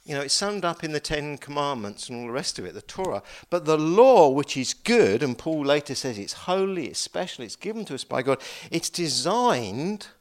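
A pastor delivers a sermon in an energetic, conversational style, breaking off for asides. His voice sits somewhat high for a man and rises and falls a great deal as he stresses his points. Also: moderate pace, few pauses. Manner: animated, chatty preaching with asides.

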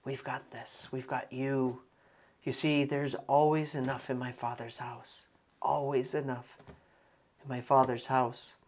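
A preacher voicing Jesus as a gentle, tender man, speaking softly in slow, hushed tones during a sermon. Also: medium pitch, steady tone. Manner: hushed, tender, soft-spoken. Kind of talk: acted scripture quotes in a sermon.

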